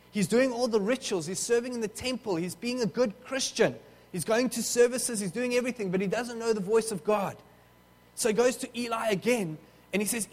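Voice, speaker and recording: A man's voice: high voice, long reverb tail. A man preaching a sermon, telling a story with touches of humor and often restarting his sentences.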